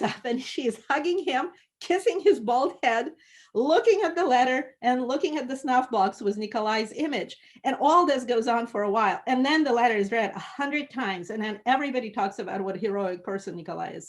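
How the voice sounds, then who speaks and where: A woman leading an online book discussion, talking with lively enthusiasm, laughing often and filling pauses with "like" and "um". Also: a little high. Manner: lively and animated, laughing often, many fillers. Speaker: discussion leader.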